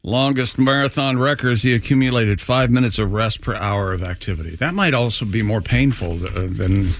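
A man's voice: medium pitch, a little fast. A man co-hosting, reading an odd news item aloud with amused, teasing asides. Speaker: co-host reading odd stories.

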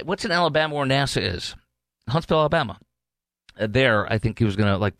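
A man's voice: mid-range voice, a bit bright, dry recording. A man hosting a political talk show, delivering a heated, rambling monologue full of restarts and fillers. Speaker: talk radio host.

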